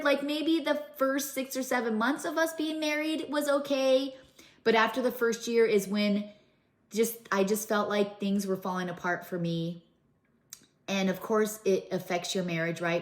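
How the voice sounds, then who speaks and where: A woman's voice: medium pitch, roomy sound. A middle-aged woman telling her own story to camera in an earnest, emotional way, with many fillers and restarts. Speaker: vlogger.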